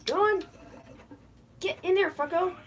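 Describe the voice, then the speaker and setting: A woman's voice: very high-pitched, measured pace, noisy background. A woman streaming casually, swearing and stammering as she chases loose crickets into a cage. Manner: frustrated, swearing, stammering restarts. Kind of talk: casual live stream talk.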